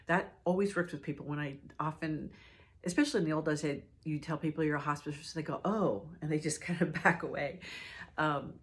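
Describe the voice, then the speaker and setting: A middle-aged woman, a hospice nurse, telling a personal story in a reflective, halting way with many fillers and restarts. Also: deep voice.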